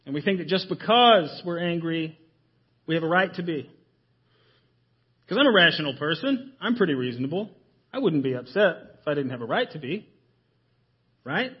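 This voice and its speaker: A man preaching a sermon in a church, emphatic and full of rhetorical questions, often dropping his voice low to stress a point. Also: expressive, normal speed, long pauses, slightly rough, dull audio. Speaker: pastor. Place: church sanctuary.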